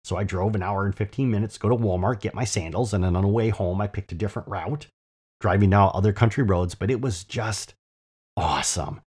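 A man's voice: on the low side, a little fast, a little mellow, breathy edge. A man hosting a podcast, telling a personal story in a chatty, enthusiastic way and often checking in with "right?". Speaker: podcast host. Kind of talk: casual storytelling monologue.

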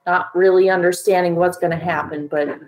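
A woman playing a tabletop game in character, talking in a halting, hesitant way. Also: lowish voice, fairly even intonation, rough recording. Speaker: player.

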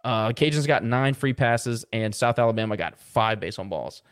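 A man's voice: medium pitch, animated, normal speed, clear, resonant tone. Casual man reading off baseball stats. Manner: rattles off baseball stats with filler "uh"s. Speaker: podcast co-host. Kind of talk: casual sports podcast chat.

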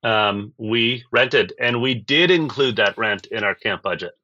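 A man's voice: fairly low pitch, measured pace, bright, forceful tone, no echo. A man co-hosting a podcast, explaining costs in a practical, casual way. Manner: practical and explanatory, drops in "um" and "dig it". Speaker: podcast co-host. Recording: slightly dull lo-fi audio.

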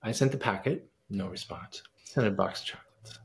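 Man with a gravelly voice telling a lively story. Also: fairly low pitch, a little fast. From United States. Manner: animated storyteller acting out quoted dialogue. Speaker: pianist and composer, guest. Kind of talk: casual interview storytelling.

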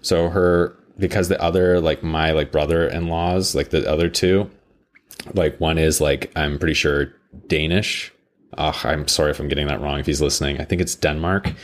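A man's voice: rumbling low, moderate pace. A young Canadian man in casual podcast chat, telling stories, swearing, and acting out quotes. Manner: animated storyteller, swears, acts out quotes.

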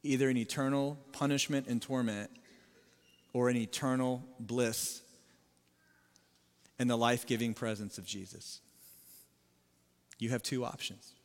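A man's voice: fairly even intonation, unhurried, long pauses. Preaching man in a reverberant hall. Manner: emphatic preaching, rising loud then dropping low and sober. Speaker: pastor. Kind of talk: sermon.

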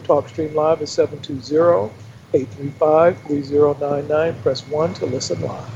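A man hosts a call-in show with a somewhat high voice. He gives calm, instructive advice. The audio is dull and lo-fi, with faint noise behind him. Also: moderate pace, vocal fry. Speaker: radio show host. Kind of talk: talk radio hosting.

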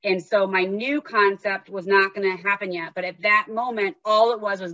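A woman's voice: medium pitch, steady tone, fairly quick, few pauses, bright, forceful tone, no room sound, lo-fi sound. A woman host talking candidly and heartfelt, then reading aloud from her own memoir. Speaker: podcast host and memoir author.

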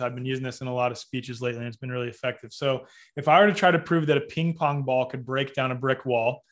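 A man speaking as an interview guest, making his case in an emphatic, methodical, lecturing way. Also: mid-range voice. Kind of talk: interview argument.

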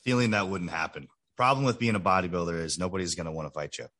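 Co-host: low-pitched man with a bright, forceful edge, relaxed offhand chat. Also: quick pace. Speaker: podcast co-host. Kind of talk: casual podcast chat.

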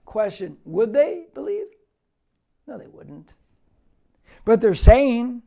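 Guy pastor preaching verse by verse, warm mellow tone, gets loud and punchy on key words. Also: very high-pitched, sing-song, slow, vocal fry, long pauses. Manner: reads scripture aloud and repeats phrases for stress. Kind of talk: verse-by-verse sermon.

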